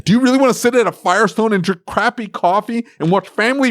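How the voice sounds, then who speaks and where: A man's voice: high voice, fast talker, fairly bright tone, no room sound, clean studio sound. A man co-hosting a podcast, ranting sarcastically about customers in casual chat. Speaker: podcast co-host, repair shop owner.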